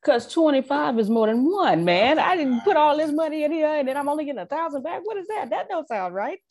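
A woman taking part in a casual finance class on a video call, chatty and quick to laugh. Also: sits high, big pitch swings, darkish tone, a little hiss or hum. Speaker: class participant. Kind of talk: casual group call chat.

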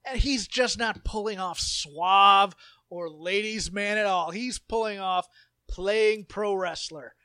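A man co-hosting a podcast, rambling and animated as he tells stories and does quick impressions. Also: high voice, clear, resonant tone, no echo, clean studio sound. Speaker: podcast co-host. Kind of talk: casual chat.

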